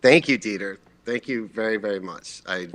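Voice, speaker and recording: A man's voice: on the low side, normal speed, a bit bright. A male filmmaker guest on a live show, answering earnestly and appreciatively. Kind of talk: interview answers.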